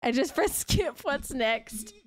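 A woman's voice: high voice, very animated, slow pace. A woman streaming a game, chatting casually and giggling with her viewers. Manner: chatty, giggly, talking to chat. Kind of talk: casual live-stream chat.

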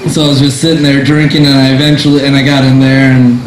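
A man's voice: medium pitch, flat delivery, fast talker. A young man doing stand-up at an open mic, telling a story in a rambling, self-deprecating way with lots of fillers and restarts. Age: young adult. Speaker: stand-up comedian. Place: small cafe comedy room. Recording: echoey room with faint noise. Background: audience laughter.

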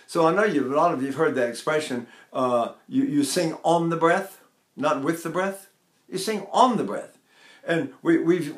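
An older male voice teacher with a fairly high voice talks through vocal technique. He rambles and wanders off on side notes. The sound is echoey, as if recorded in a bare room. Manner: rambling, digressive explanations with sung demonstrations.

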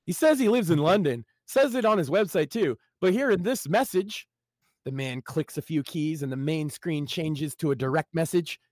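A man's voice: a little high, animated, normal speed, a little mellow, dry recording. A man reading his own short story aloud live on a stream, in a dramatic, wry storytelling manner.

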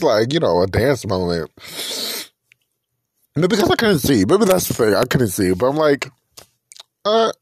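A man hosting a casual solo podcast, gushing with excitement and swearing freely. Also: on the low side, dry recording. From not from Texas. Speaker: podcast host.

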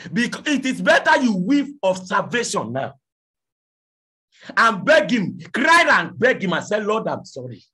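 A man preaching a fiery sermon, shouting and pleading, firing questions at his congregation. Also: sits high, husky.

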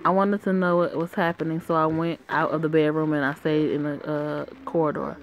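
Low-voiced woman reading a story aloud. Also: little pitch movement, a little fast. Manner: blunt, profane asides between lines. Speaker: game player reading aloud.

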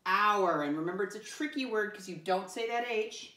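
A woman teacher giving a lesson to young children, encouraging and slow, spelling words letter by letter and asking many questions. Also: mid-range voice. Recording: echoey room from far off.

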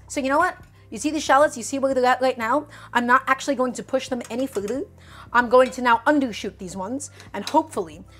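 Woman, Brooklyn New York accent, soft R sounds, casual live cooking chat, talks straight to viewers, light music behind. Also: a little high. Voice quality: cannot pronounce R sounds. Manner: chatty, talks directly to viewers. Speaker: cooking streamer.

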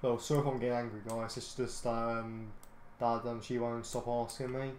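A man's voice: mid-range voice, flat delivery, moderate pace, a little hiss or hum. A British man hosting a gaming channel, giving casual gameplay commentary full of ums and restarts, easily irritated and grumbling. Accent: British English. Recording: roomy echoey home recording.

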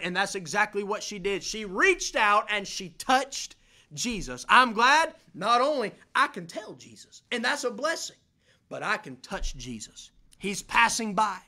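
Fervent high-voiced young preacher. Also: male voice, big pitch swings, a little slow, bright, forceful tone. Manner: fervent, repetitive preaching cadence with rising emphasis. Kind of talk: sermon.

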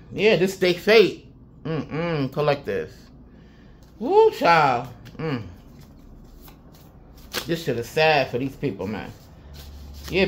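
A woman giving a casual spiritual reading to her viewers, talking emphatically with plenty of swearing, repeating herself and chuckling often. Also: fairly low pitch. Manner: profane, emphatic, repeats "I'm telling you". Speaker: intuitive reader.

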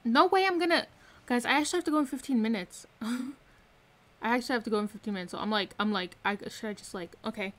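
Gaming streamer, woman, excitable and repetitive, fairly high voice, live commentary from her room. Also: fast talker. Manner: excitable, repeats herself, hyped exclamations.

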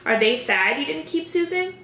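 A woman's voice: high-pitched, lively intonation, normal speed, pushed and bright, reverberant, slight background noise, voice pushed up. Woman reading as an upbeat teenage boy host. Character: friendly teenage boy, school show host.

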